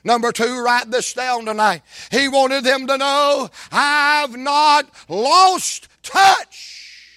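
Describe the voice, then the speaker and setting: A man preaching a sermon, folksy and dramatic, swinging from shouts to whispers. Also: extremely high pitch, takes it slowly, dry recording.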